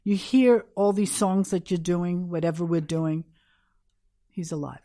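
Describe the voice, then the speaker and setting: A woman's voice: fairly low pitch, measured pace, music in the background. Emphatic older woman telling a story. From New York. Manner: animated, emphatic, acts out quotes. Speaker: guest. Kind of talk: casual storytelling interview.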